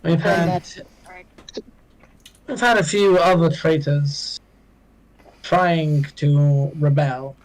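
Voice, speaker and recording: A man voicing a smug, cruel king who drawls slowly and sounds pleased with himself. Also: fairly high pitch, poor audio. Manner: slow, drawling, self-satisfied.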